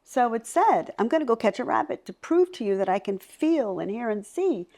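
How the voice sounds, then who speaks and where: Animated middle-aged woman telling stories. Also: fairly high pitch, normal speed. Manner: animated, acts out voices in her stories. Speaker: psychic medium guest. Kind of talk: storytelling in a conversation.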